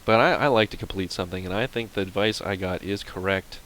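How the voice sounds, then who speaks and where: A man giving casual, rambling let's-play commentary, mocking himself and now and then yelping with excitement. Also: low-pitched, fast, slight background noise, rough recording. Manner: self-mocking, rambling, bursts into excited yelps.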